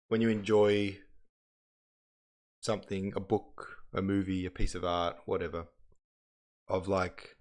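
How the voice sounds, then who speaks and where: Low-voiced man chatting on a livestream. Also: a little mellow. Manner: rambling, chatty, self-interrupting. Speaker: livestream host. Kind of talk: casual livestream chat and reading aloud.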